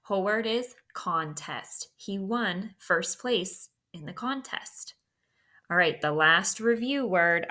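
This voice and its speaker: A woman teacher leads a spelling lesson with slow, deliberate dictation. Her voice sits fairly low but has a bright edge, and she takes her time over each word.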